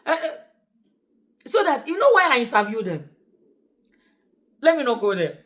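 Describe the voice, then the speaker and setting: A Nigerian woman talking in a casual vlog. She is animated, laughs often and slips into Pidgin phrases. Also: a little high, normal speed. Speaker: vlogger and shortlet host.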